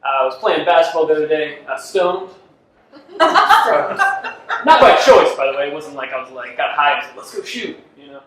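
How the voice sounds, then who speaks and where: A man's voice: a little high, lively intonation, normal speed, sharp tone. A man performing a self-deprecating stand-up comedy set, laughing at his own jokes on a club stage. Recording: echoey club from far off with faint noise.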